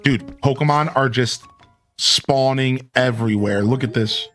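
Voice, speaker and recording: A man's voice: medium pitch, unhurried, fairly bright tone, faint music behind. A man casually commentating a game stream, greeting chat and humming along. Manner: laid-back, says dude, greets chat, hums along. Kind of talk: casual let's play commentary.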